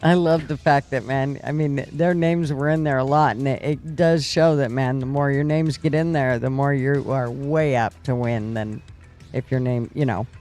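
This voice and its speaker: A man's voice: medium pitch, steady tone, moderate pace, a little mellow, faint music behind. A man co-hosting a live stream in casual chat, laid-back and agreeable, rambling a little. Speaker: stream co-host.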